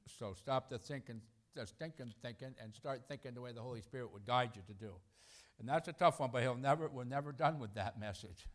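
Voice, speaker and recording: A middle-aged man preaching a sermon in a conversational, animated way, acting out quotes and chuckling between points. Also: medium pitch, a little fast.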